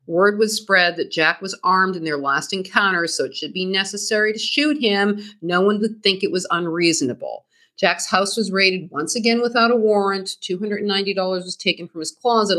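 A woman's voice: lowish voice, pushed and bright. A woman co-hosting a podcast, reading a scripted true-crime story in a storytelling manner. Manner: reads from a script, dramatic storytelling. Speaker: podcast co-host.

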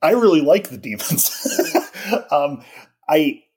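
Animated man chatting on a podcast. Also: a little high, slow, husky. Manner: animated, opinionated, lots of "like" and restarts. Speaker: podcast co-host. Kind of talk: casual podcast discussion.

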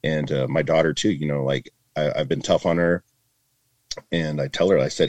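Deep-voiced middle-aged man, earnest and rambling. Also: fairly even intonation, normal speed, a little mellow, dry recording. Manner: earnest, rambling with many restarts and fillers. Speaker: guest, retired border patrol agent. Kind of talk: casual interview chat.

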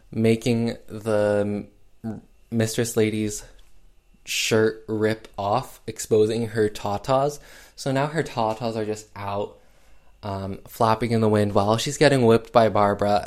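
A man casually recapping a film plot with sarcastic asides, full of "um" and "like" fillers. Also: lowish voice. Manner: sarcastic, filler-heavy with lots of "um" and "like".

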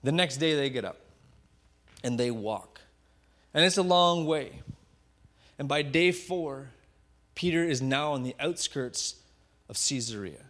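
A male pastor delivering a sermon as an unhurried story, his pitch sitting in an ordinary middle range. He paints scenes vividly, often sinking into hushed, quiet tones for weight. Now and then he repeats a word while he gathers his thought. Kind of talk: sermon retelling a Bible story.

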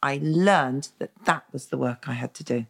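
Gravelly woman telling a blunt story. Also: a bass voice, moderate pace. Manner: lively and blunt, acts out quoted dialogue, swears freely, laughs often. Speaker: therapist, interview guest. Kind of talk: candid storytelling in a conversational interview.

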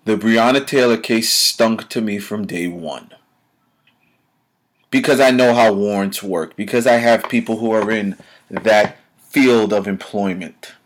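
A man's voice: mid-range voice, a bit bright. A man with a mid-range voice rants alone into his podcast mic. He is blunt and confrontational, swears freely and fires rhetorical questions at the people listening. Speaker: podcast host. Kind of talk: solo opinion rant.

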